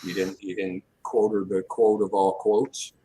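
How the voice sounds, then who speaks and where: A man's voice: sits low, little pitch movement, measured pace, dark tone, poor audio. A man in casual chat, jokingly reminiscing and trading stories. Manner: chatty, jokey reminiscing. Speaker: podcast co-host.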